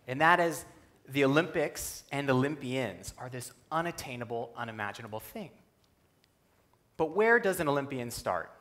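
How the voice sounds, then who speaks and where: A young man speaks on a stage with lively, humorous storytelling. His voice sits in a medium register, and he drops lower and quieter whenever he acts out what someone else said. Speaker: speaker at a youth conference talk. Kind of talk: personal storytelling speech. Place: stage before a live audience.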